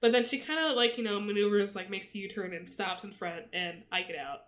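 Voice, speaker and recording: A young woman co-hosting a podcast, telling a story in a casual, animated way and laughing often. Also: medium pitch, fairly quick. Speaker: podcast co-host.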